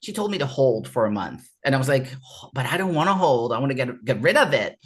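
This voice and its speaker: A man speaking at a mid-range pitch as an interview guest, sharing a raw personal story. He talks in an earnest, halting way, stopping and restarting his sentences and repeating words as he goes. The delivery is candid and unpolished. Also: big pitch swings, fairly bright tone.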